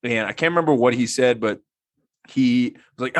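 A young man hosts a relaxed talk show and tells a story among friends, chuckling as he goes. His voice sits in an ordinary middle register. The sound is dry and close. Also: medium pitch, moderate pace, no echo. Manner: storytelling, laughs often. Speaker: podcast host. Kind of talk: casual chat among friends.

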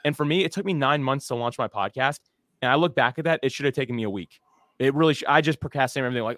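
A man's voice: mid-range voice, racing, a bit bright, dry recording, studio quality. A man giving podcasting advice in a casual chat, upbeat and a bit teasing.

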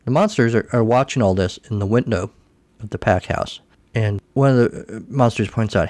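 A man's voice: on the low side, moderate pace, a little mellow, no echo. A man hosting a podcast, recapping a cartoon special in a casual way with wry, sarcastic asides. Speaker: podcast host.

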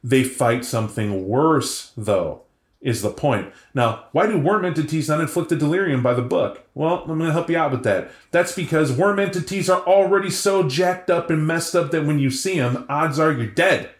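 A man talking casually and at length about tabletop role-playing lore, rambling and animated. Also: on the high side, moderate pace. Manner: animated, rambling, acts out voices. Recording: echoey room.

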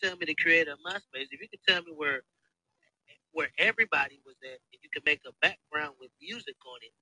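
A man in his thirties hosting a casual podcast, telling profane, animated stories. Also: on the high side, fast, no echo, rough recording. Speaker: podcast host. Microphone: phone.

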